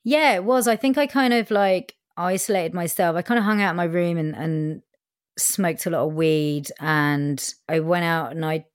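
A woman's voice: lowish voice, moderate pace, clear, resonant tone, no echo, clean studio sound. A woman from England, telling her own story frankly in an interview, with plenty of fillers and the odd swear word. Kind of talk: candid personal storytelling.

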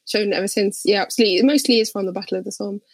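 A woman's voice: mid-range voice, rapid-fire, no echo. A woman guesting on a podcast in casual chat, sarcastic and thoughtful, hesitating with plenty of ums.

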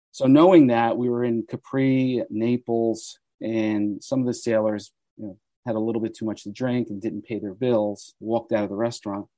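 A man in his sixties from the United States, a guest telling animated stories in an interview. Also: medium pitch, no echo. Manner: animated storyteller who acts out quoted voices. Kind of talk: storytelling interview.

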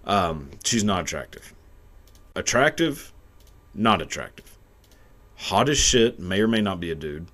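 A young man with a low, deep voice rants crude, profane commentary straight into his camera. His pitch swings widely as he rambles, swears and laughs. The delivery is loose and unscripted. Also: sing-song, measured pace, long pauses, fairly bright tone. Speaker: video commentator. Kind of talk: crude comedic rant. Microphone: camera mic.

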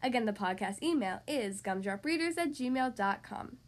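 A woman hosting a podcast, reading a children's story aloud in a cheerful, expressive way. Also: fairly high pitch, moderate pace.

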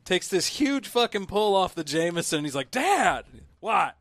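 A man co-hosting a podcast in casual chat, a loose, profane storyteller who jumps his pitch up for punchlines. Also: expressive, a little fast, no room sound. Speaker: podcast co-host.

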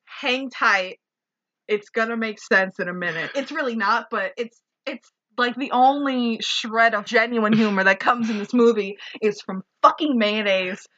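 Woman, podcast co-host, casual chat, sarcastic, a bit high, bright tone, lo-fi sound. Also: a little slow. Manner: sarcastic, swears, laughs often.

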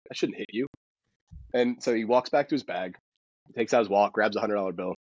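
Male guest and golf instructor, low-pitched, husky, quick animated storyteller, dull recording. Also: no echo. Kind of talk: casual storytelling.

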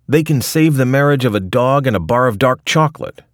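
A man's voice: lowish voice, big pitch swings, a little fast, no room sound, clean studio sound, voice pushed up. A man voicing a cranky, sardonic old male mad scientist who rants and sneers, quoted in a read essay. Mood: ranting. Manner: ranting, sneering.

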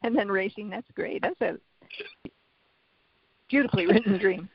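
A podcast guest talking in a soft-spoken, reflective, hesitant way, with many pauses and fillers, on a dull, dry recording. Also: medium pitch, vocal fry, husky. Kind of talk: casual conversation.

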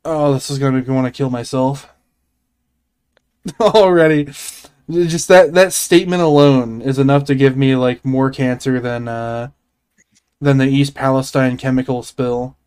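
A man co-hosting a podcast in casual chat, with a dry, sarcastic, deadpan manner. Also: medium pitch, measured pace, smooth. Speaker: podcast co-host.

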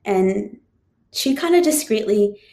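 A woman's voice: medium pitch, expressive, takes it slowly, vocal fry, mellow. A woman who is a teacher, casually telling a personal story with lots of fillers. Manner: chatty, frequent "like" and "um" fillers. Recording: roomy echo.

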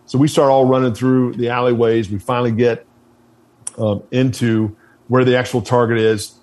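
A man of ordinary pitch tells a story from his service days in a loose, conversational way. He is blunt and swears freely, and he often trips over and restarts his sentences. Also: level tone, moderate pace, darkish tone. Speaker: guest, military veteran. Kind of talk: casual storytelling.

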